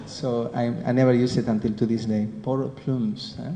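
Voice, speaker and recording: A man's voice: medium pitch, little pitch movement, fast, mellow. Spanish-accented man teaching in an echoey hall. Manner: conversational, keeps asking the listeners questions. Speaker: scripture class teacher. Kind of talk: devotional class lecture. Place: class room with listeners. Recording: roomy hall echo with faint noise.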